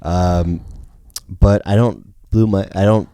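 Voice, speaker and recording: Laid-back man with a lowish voice. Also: fairly even intonation, takes it slowly, dark tone, smooth, no echo. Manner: laid-back, laughs often, casual swearing. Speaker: podcast co-host. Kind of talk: casual podcast chat.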